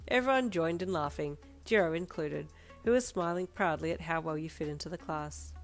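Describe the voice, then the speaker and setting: A woman narrating a fan fiction audiobook in a steady second-person storytelling manner. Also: low voice, moderate pace, faint music behind.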